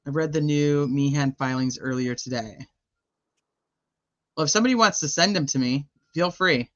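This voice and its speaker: A middle-aged woman with a bright, forceful voice chats loosely on a live stream, swearing and laughing as she goes. The sound is dry and a little dull, like a home mic. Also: low-pitched, moderate pace, no room sound. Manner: swears freely, laughs often, scattered. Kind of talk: casual live chat.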